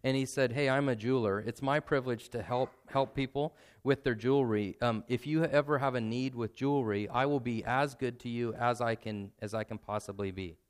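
A man's voice: medium pitch, fairly quick, hardly any pauses, smooth. A middle-aged man telling a story in an earnest, conversational sermon. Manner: earnest, conversational, with restarts and asides. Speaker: preacher.

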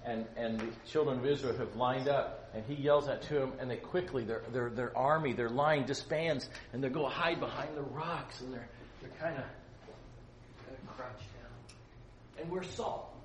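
A man's voice: mid-range voice, normal speed, crowd noise. A man teaching a casual Bible lesson to a youth group, joking and asking his listeners questions. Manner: playful, joking asides, asks listeners questions. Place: gym-like hall. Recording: roomy hall, distant mic, faint noise.

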